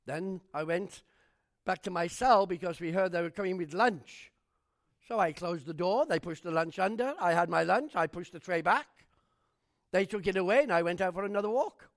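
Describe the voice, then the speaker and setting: A man with a notably high voice preaching a sermon. He tells his testimony as animated stories and presses the listeners with fervent rhetorical questions. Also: moderate pace. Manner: animated storytelling.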